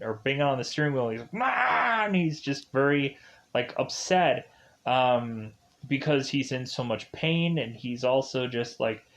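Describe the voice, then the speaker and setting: Rambling man full of fillers. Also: mid-range voice. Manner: rambling, filler-heavy, with many likes and kinda's; loosely retells scenes in the present tense. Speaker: film reviewer. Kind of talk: casual spoken movie recap.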